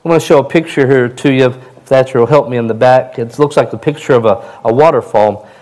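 A man preaching a sermon in a plain, conversational way, his voice a little hoarse. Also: mid-range voice, a little fast, darkish tone, poor audio. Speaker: pastor.

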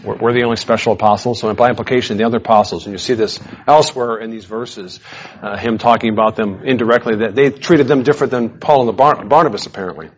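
A man giving a verse-by-verse Bible teaching, animated and emphatic, with casual conversational asides. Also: medium pitch, quick pace.

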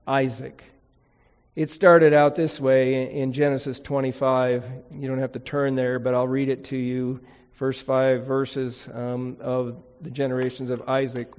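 A man's voice: mid-range voice, darkish tone, big-room sound. A man preaching a sermon to his congregation, reading scripture aloud and explaining Hebrew words as he goes. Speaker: pastor.

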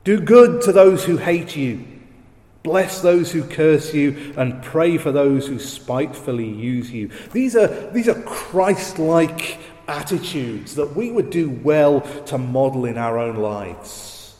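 A man preaching a sermon, slow and emphatic, leaning on repeated phrases. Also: a little high, expressive, mellow. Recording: roomy hall echo.

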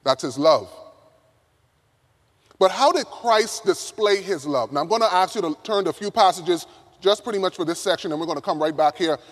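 A man preaching a sermon to college students, emphatic, swinging from loud to hushed. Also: high-pitched, moderate pace. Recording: reverberant hall.

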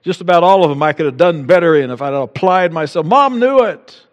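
Male pastor, sermon delivery, slightly high voice, emphatic rises; echoing church hall. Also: expressive, fairly quick. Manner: preaching with rising emphatic peaks and acted-out quotes.

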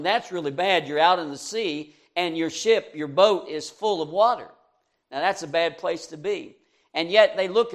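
A man delivering a sermon with a slightly high voice. He talks in an earnest, conversational way, leaning into quoted scripture with rising emphasis. He chuckles now and then at his own asides. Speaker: preacher.

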